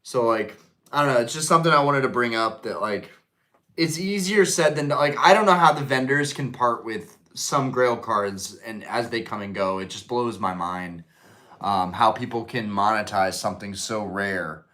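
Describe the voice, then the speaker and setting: A man's voice: fairly low pitch, moderate pace, a bit bright. A man hosting a live stream in casual chat, rambling with lots of fillers while answering the chat.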